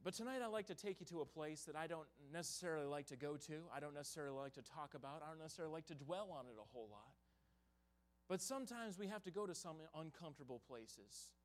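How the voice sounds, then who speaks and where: High-voiced man preaching folksy sermon. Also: lively intonation, fast talker. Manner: folksy storytelling with sudden loud bursts and hushed stretches. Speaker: traveling evangelist preacher. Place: church sanctuary.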